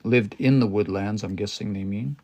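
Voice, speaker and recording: A man's voice: on the low side, normal speed, dark tone. Man explaining word by word on a livestream. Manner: hesitant, many restarts, explains word by word. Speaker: language teacher. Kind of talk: livestream language lesson, thinking aloud.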